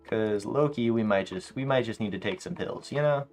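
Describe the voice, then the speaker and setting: A young man streaming a game late at night, chatting casually to his viewers and telling animated, slangy stories. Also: lowish voice, moderate pace, faint music behind. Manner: animated storytelling, slangy, laughs often. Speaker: live streamer. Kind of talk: casual livestream chat while gaming.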